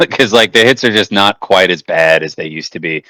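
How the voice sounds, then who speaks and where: A man's voice: low-pitched, animated, a little slow, pushed and bright, dry recording. A young man co-hosting a podcast, telling stories in casual, profane chat and laughing often. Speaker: podcast co-host.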